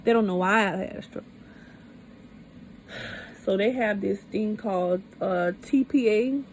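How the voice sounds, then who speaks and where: A woman's voice: medium pitch, a little slow, slight background noise, low-quality recording. A woman vlogger retelling a personal experience in a candid, emphatic way, often repeating herself for stress. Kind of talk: personal storytime vlog.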